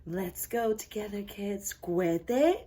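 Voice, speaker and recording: A woman teaching young children in a playful, animated way, with many excited exclamations. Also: sits high, measured pace, recorded from a distance. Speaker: arts camp teacher. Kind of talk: children's lesson with pretend play.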